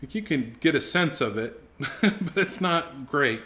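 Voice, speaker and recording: Male ministry instructor, middle-aged, sharp bright voice, fervent classroom delivery, repeats himself as he builds. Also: on the high side, lively intonation, measured pace. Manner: intense, emphatic, rising to fervent exhortation; frequent word repetitions and restarts. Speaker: ministry school teacher. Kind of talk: classroom teaching on preaching.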